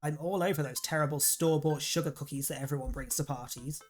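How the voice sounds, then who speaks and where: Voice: medium pitch, fairly even intonation, fast, soft background music, lightly acted. A streamer reading the lines of a blunt, dry-humoured teenage daughter in a dating game, with a near-everyday voice.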